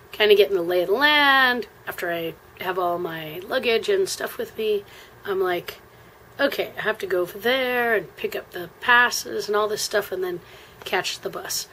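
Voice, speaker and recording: Woman, American accent, casual travel storytelling, rambling, lots of ums, clears her throat often, faint background noise. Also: mid-range voice, fairly bright tone, low-quality recording. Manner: chatty, rambling, many fillers and throat clearing. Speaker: traveler telling a trip story.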